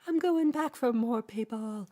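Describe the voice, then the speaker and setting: A woman voicing a gruff fisherman father who talks in bossy, brisk commands. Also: a little high, warm tone, voice pushed up, natural voice. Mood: determined.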